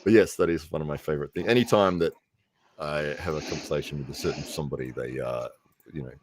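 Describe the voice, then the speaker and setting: A man's voice: a bass voice, fast talker, slight background noise. An Australian man hosting a livestream in casual chat, laughing often and acting out voices as he tells stories. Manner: chatty, laughs often, acts out voices in anecdotes. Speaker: livestream host.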